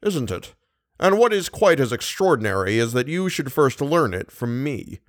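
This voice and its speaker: A man reading an audiobook, voicing a skeptical police commissary with a measured, ironic, solemn manner. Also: medium pitch, big pitch swings, no room sound, clean studio sound, natural voice.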